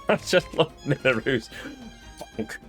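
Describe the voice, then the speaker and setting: A man's voice: medium pitch, animated, takes it slowly. A man doing casual, rambling gameplay commentary with wry grumbles. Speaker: let's play host. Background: game music.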